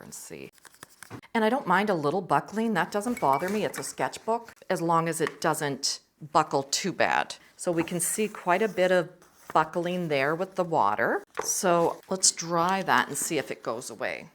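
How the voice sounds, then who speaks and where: A woman's voice: sits low, sing-song, moderate pace, fairly bright tone, slight background noise. A middle-aged woman hosting a casual art vlog, chatting with enthusiasm and murmuring to herself as she tests pencils and paint. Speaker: art channel host.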